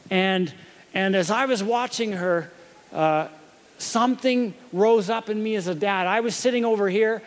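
A man in his thirties preaching a sermon, telling a gentle story about comforting his little daughter and asking her questions along the way. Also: high-pitched. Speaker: pastor.

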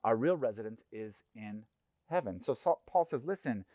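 A middle-aged man preaching a sermon in a conversational, animated way, acting out little voices. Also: mid-range voice, moderate pace, no room sound, clean studio sound. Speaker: pastor. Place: church.

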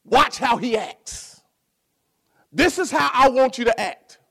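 A man voicing God as a proud heavenly father, proclaiming emphatically in a high, lively voice. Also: takes it slowly, gravelly, full character voice.

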